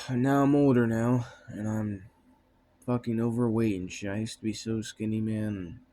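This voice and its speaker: Young guy with a lowish voice just rambling to the camera, loose and wandering, lots of "man" and "you know". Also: fairly even intonation, unhurried, mellow. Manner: rambling, trails off, frequent swearing and fillers. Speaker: vlogger. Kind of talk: casual rambling monologue.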